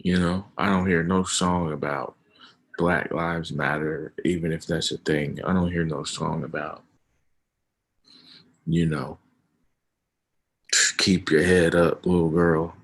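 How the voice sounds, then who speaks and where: A man hosting a livestream, talking casually and emphatically about his views and getting loud at times. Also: very deep voice, steady tone, a little slow, creaky, pauses often. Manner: emphatic, rising to loud outbursts. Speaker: livestream host. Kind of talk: casual opinion chat on a livestream.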